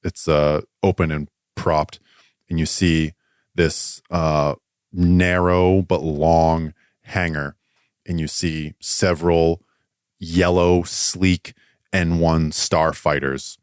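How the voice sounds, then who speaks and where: A man narrating a tabletop game as game master, pausing often with fillers. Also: a bass voice, level tone, clear, resonant tone, no room sound, studio quality. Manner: hesitant descriptive narration with many fillers.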